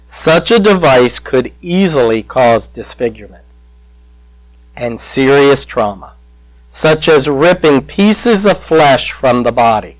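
A man preaching a sermon in a church, slow and emotional, with dramatic pauses and soft drops in his voice. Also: mid-range voice, animated, no room sound, low-quality recording.

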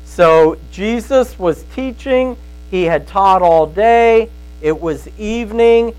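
A man's voice: high-pitched, takes it slowly, a little mellow, clear, resonant tone, poor audio. A man giving a conversational sermon as a Bible teacher, telling stories in a folksy way and often checking in with his listeners. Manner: storytelling, folksy, asks "right?" often.

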